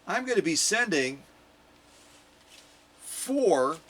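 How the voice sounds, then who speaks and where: A man's voice: sits high, very animated, extremely slow, a bit bright. A man who restores sewing machines, chatting casually and playfully to his viewers with jokey asides. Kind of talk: casual vlog chat to viewers.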